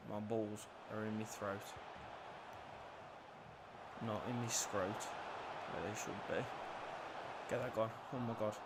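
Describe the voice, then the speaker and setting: A young man commentating his own football video game match, nervy and swearing, bursting into shouts at big moments. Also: lowish voice, level tone, takes it slowly, long pauses, heavy background noise. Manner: nervous, swearing, erupting into shouts at goals. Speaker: gaming YouTuber. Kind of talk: live gameplay commentary.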